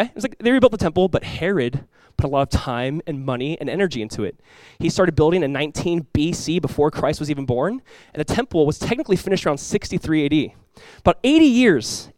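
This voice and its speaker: A male pastor delivers a sermon in a relaxed, conversational way, acting out quick asides along the way. His voice sits a little high and moves at a rapid clip. The recording is dry and close, with no room sound. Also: no room sound, low-quality recording. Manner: casual, animated preaching with playful voiced asides.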